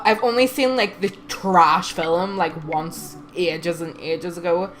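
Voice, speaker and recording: A woman's voice: lowish voice, fairly even intonation, faint music behind. Giggly, congested woman streamer. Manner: giggly, reads lines slowly, breaks into laughter. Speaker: let's play streamer. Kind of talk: reading game dialogue aloud with commentary.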